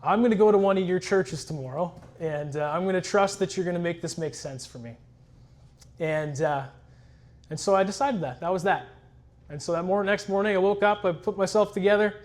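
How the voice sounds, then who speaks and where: A man's voice: sits high, a little fast. A man sharing his personal testimony in an earnest, reflective storytelling way. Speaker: church member giving a testimony.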